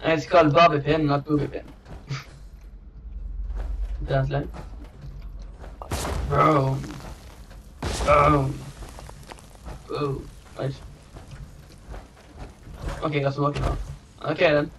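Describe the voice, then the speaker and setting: Slow rambling jokey man, distant mic. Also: a little high, little pitch movement. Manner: rambling and jokey, trails off and restarts, chuckles often. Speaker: gamer commentating his own play. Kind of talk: casual gameplay commentary. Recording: dull distant mic with faint hiss.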